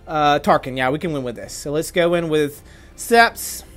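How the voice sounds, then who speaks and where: An excitable man talks through a mobile game in casual commentary, swearing freely and tripping over his words when riled. His pitch leaps all over the place. Faint music sits beneath his voice. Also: normal speed. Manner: excitable, swings from gleeful to furious ranting; swears a lot, stammers and restarts when upset. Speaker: gaming YouTuber.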